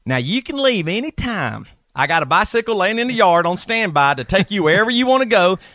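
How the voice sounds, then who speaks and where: A man's voice: very animated, brisk, bright, forceful tone, no echo, clean studio sound, exaggerated voice. A man hamming up Travis, a crude Southern redneck. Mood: crude, boastful. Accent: Southern US, South Carolina. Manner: exaggerated drawl, high and hammy.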